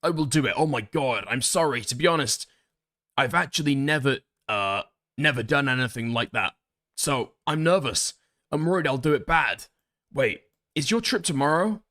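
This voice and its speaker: A man's voice: mid-range voice, expressive, moderate pace, bright, forceful tone. A man voicing a nervous, bashful young man who acts falsely innocent, in a mocking tone.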